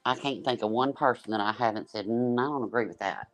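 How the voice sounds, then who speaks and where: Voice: medium pitch, fast talker, a bit bright, dry recording. A panel guest chatting on a livestream, rambling and restarting sentences with lots of fillers. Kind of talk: casual livestream chat.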